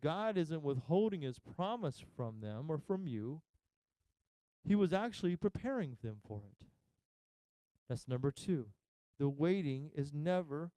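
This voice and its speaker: Male pastor, sermon, mellow voice, dry close sound, talks straight to listeners. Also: a little high, smooth, no echo, low-quality recording. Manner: talks straight to listeners, asks questions, pauses for effect. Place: church.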